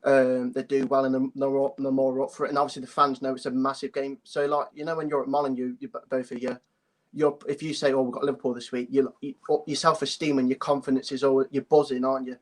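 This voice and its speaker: A man's voice: medium pitch, level tone, fast. A young man calling in to a phone-in show, talking hesitantly, apologizing often and restarting his sentences. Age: young adult. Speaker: caller. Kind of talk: phone-in chat.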